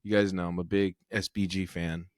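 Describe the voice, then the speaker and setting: A man co-hosting a podcast in casual sports chat. He talks in an animated way, with slang and phrases he repeats. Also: deep voice, brisk, no room sound, studio quality. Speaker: podcast co-host. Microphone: remote recording.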